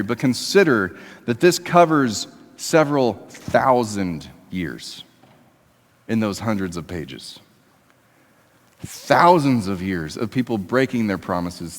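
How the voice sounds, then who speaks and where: A man giving a sermon in a church sanctuary, with the long reverb of the hall trailing after his words. His voice sits at a middle pitch. He preaches conversationally, pressing hard on some points and dropping low and quiet on others. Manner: conversational preaching, swinging between emphatic highs and quiet lows. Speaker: pastor.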